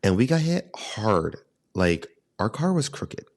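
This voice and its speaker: A man hosting a podcast, telling stories in a casual chat and jumping up in pitch when he acts out what people said. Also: measured pace. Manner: animated, jumps high in pitch when acting out quotes. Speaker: podcast host.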